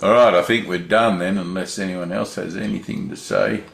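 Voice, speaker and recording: Gentle man leading a group call. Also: low-pitched, fairly even intonation, normal speed, vocal fry, reverberant. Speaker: spiritual teacher leading a group session. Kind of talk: relaxed group video call.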